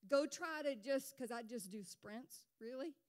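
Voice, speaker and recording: Woman pastor, sermon, fairly high voice, conversational, rhetorical questions, church service. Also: unhurried. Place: church sanctuary.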